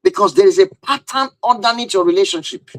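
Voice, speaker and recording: A man's voice: high-pitched, quick pace, a bit bright, dry recording, poor audio. A man giving a live-stream talk on relationships and marriage, emphatic and driving his points home with repeated rhetorical questions.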